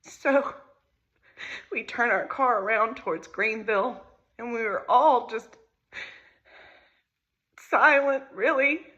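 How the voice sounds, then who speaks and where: A mother recounting a painful family crisis in a halting, emotional way. She often repeats her phrases as she tells the story. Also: fairly high pitch, pushed and bright, muffled recording. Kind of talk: personal storytelling to camera.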